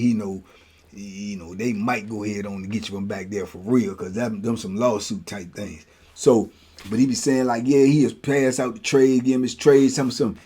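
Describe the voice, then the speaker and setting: A man hosting a show, telling a prison story in a casual, animated way, full of slang and "you know what I'm saying.". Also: lowish voice, slightly rough. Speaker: host telling prison stories.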